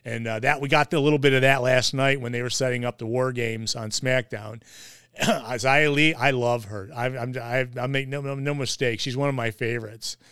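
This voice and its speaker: A man's voice: medium pitch, steady tone, moderate pace, fairly bright tone, smooth, dry recording, clean studio sound. A man hosting a casual wrestling podcast, rambling with lots of fillers and restarts. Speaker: podcast host.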